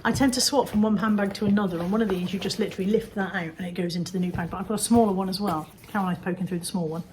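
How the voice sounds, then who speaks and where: A woman's voice: medium pitch, fairly even intonation, racing, darkish tone, a little hiss or hum, rough recording. A woman from England showing off her second-hand finds in a chatty, jokey, rambling way. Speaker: vlogger showing resale finds. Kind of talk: casual chat.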